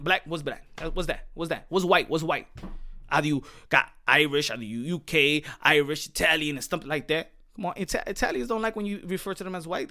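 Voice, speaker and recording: American man, boxing commentary host, profane rant with a high pitch, repetitive and combative. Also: pushed and bright. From United States. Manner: heated, profane, repetitive, rhetorical questions. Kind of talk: ranting commentary monologue.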